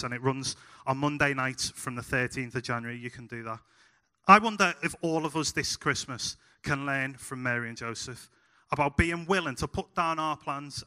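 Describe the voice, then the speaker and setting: Bright-voiced Scouse preacher. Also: male voice, a little high. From Liverpool, England. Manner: humorous storytelling with frequent "uh" fillers. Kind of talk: sermon.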